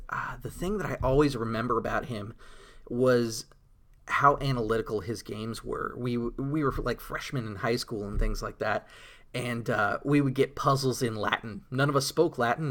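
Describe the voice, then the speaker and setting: A man's voice: medium pitch, a bit bright. A man giving a casual, rambling monologue about tabletop role-playing, with many fillers and enthusiastic storytelling. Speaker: tabletop RPG blogger.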